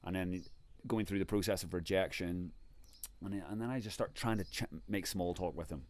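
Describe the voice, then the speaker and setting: An Irish man in a casual interview, telling a lively travel anecdote and briefly mimicking the people in it. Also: sits low, a little fast. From Ireland. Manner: lively anecdotal telling, slips into voices of the people in his story. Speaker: guest, traveler.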